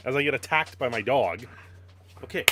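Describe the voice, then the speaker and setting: A man's voice: medium pitch, animated, moderate pace, background noise. A man casually chatting on a live stream, greeting viewers and playing with his dog, laughing often. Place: home.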